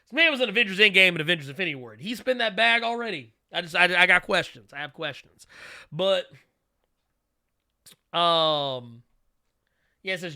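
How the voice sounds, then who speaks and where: Bright-voiced animated male streamer. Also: sits high, normal speed, creaky, pauses often. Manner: animated, laughing, rambling with restarts. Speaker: host. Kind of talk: casual live-stream commentary.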